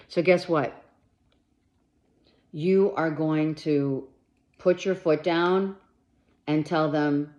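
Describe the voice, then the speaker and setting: Woman, tarot reader, unhurried delivery, blunt, emphatic, swears casually, dull lo-fi sound. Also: low-pitched, a little mellow. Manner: talks straight to the listener with urgent reassurance. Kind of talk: monthly tarot reading to camera.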